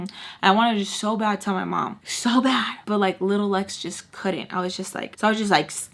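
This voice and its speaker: A woman's voice: mid-range voice, brisk, fairly bright tone. A woman telling a personal storytime while doing her makeup, talking emphatically and peppering it with "like", heated and dramatic as she recounts it. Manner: emphatic, heavy use of "like". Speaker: beauty vlogger.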